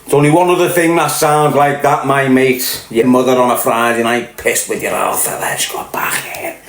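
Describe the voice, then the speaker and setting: A man's voice: medium pitch, steady tone, moderate pace. A man with a Scouse accent hosting a podcast, ranting in crude, joking, mock-aggressive banter. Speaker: podcast host. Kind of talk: casual livestream rant. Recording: roomy echo.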